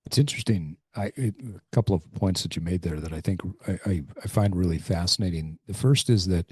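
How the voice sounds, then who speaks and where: A man in his forties who hosts a podcast, talking in a reflective, animated way with frequent restarts and fillers. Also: low-pitched, a little fast, slightly rough, dry recording, clean studio sound. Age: 40s. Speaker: podcast host. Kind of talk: casual interview conversation.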